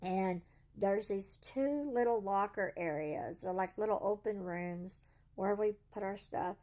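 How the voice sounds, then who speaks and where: A woman's voice: medium pitch, a little slow, warm tone. A woman, earnestly telling a story to camera in a casual vlog and quoting what people said. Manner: earnest, retells dialogue in quotes. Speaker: vlogger.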